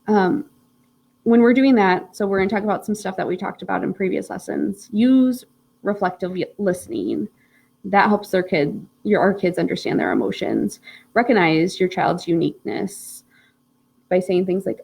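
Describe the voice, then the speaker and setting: Chatty woman with a gravelly edge. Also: medium pitch, expressive, normal speed, rough recording. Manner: chatty, warm storytelling with frequent "like" fillers. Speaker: parenting class teacher. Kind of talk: casual live-streamed parenting lesson.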